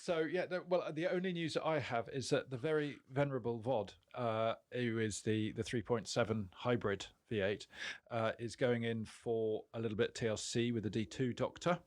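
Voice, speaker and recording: A man's voice: medium pitch, fairly even intonation, normal speed. A man with a British accent co-hosting a podcast, rambling and self-deprecating in casual banter, laughing often. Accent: British English. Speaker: podcast co-host.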